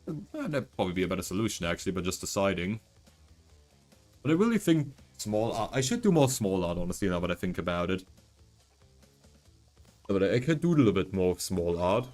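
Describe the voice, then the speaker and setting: A man's voice: lowish voice, darkish tone. Rambling male streamer, non-native English. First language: not English. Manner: rambling, thinking aloud with many fillers. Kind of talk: casual gaming stream chat.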